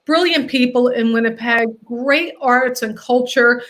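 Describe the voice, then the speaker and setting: A woman with a high voice hosts a casual interview. She tells stories in an animated, chatty way, filling gaps with ums. The talk is loose and conversational. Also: a little slow. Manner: chatty, animated storyteller, fillers. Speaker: host.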